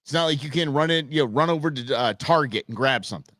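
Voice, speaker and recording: A man's voice: medium pitch, fast talker, a bit bright, no echo, studio quality. A middle-aged man hosting a live show, telling a story in a rambling, emphatic way with lots of fillers and restarts. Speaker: show host.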